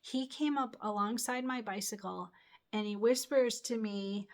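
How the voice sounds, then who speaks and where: A woman's voice: medium pitch, unhurried. A middle-aged woman hosting her own channel, telling a personal story in a rambling, chatty way with many fillers and restarts. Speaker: channel host. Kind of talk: casual storytelling.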